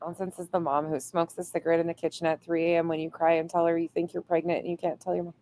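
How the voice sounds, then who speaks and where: Woman host, deep voice, reads chat aloud, playful cussing. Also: little pitch movement, fast talker, dark tone, slight background noise. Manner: reads viewer comments aloud, swears playfully. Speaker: livestream host reading chat. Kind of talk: casual livestream chat.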